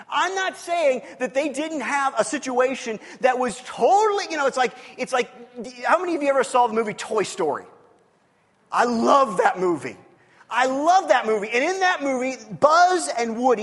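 A man with a strikingly high voice delivers a sermon in a relaxed, conversational way, teasing himself and tossing in lively asides. His voice rings out with a long tail of reverb from a large church hall. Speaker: pastor.

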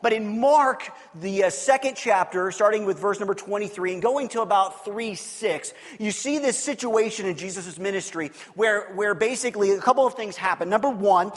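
A man's voice: sits high, normal speed, hardly any pauses. A man giving conversational Bible teaching as a pastor, talking informally, restarting and repeating words and checking in with his listeners. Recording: long reverb from a large room.

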